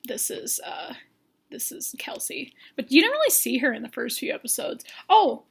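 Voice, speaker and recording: A woman's voice: high voice, big pitch swings, normal speed, vocal fry, husky, whispered. A woman giving a rambling, jokey recap of a dating show using toy figures. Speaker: recap vlogger.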